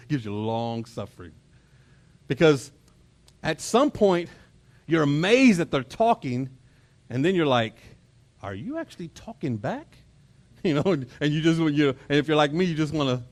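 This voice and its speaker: Texan pastor guy, kinda high voice, chatty sermon, keeps restarting his words, chuckles a lot. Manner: conversational, repeats words while revving up; chuckles and mimics family exchanges. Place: church auditorium.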